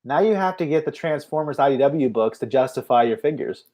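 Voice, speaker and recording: A man's voice: medium pitch, expressive, brisk, dark tone. A man co-hosting a casual chat, telling stories and laughing often. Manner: chatty storyteller, laughs often. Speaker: co-host.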